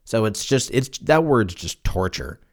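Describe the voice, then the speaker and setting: A man's voice: lowish voice, very animated, a little slow. An American man in his thirties with a slight lisp, hosting a podcast in casual, profane, joking chat and stumbling over words. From United States. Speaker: podcast host.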